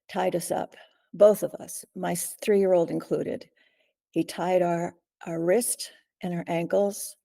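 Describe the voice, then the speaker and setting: An older woman, an interview guest, recounting a personal ordeal in an earnest, halting way, often clearing her throat and pausing. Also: on the low side, warm tone. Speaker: guest, survivor and author.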